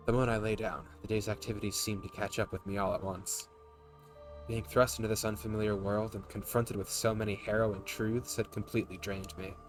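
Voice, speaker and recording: A man reading a tired, bewildered young student's inner monologue aloud from a game, quietly and at an even pitch. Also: brisk, faint music behind, close to an everyday voice. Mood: weary. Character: weary, bewildered young male student narrator.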